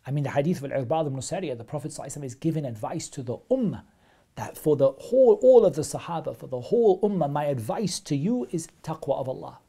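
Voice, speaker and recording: A man's voice: fairly high pitch, animated, fast, gravelly, dark tone, husky. A man teaching a live online religious lesson, explaining texts step by step and repeating phrases for emphasis. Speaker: Islamic studies teacher.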